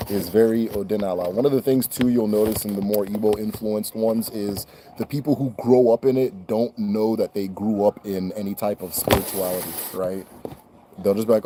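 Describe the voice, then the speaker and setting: A young man hosting a casual question-and-answer stream, talking in a relaxed way and repeating phrases for emphasis. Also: fairly low pitch, fairly quick, a little hiss or hum. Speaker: host answering viewer questions. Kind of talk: casual livestream Q&A.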